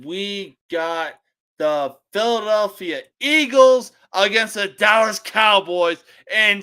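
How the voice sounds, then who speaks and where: Brief: young male sports podcaster, bright high voice, slow, swearing and shouting. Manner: profane, ranting, bursts into shouting. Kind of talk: casual opinionated sports picks.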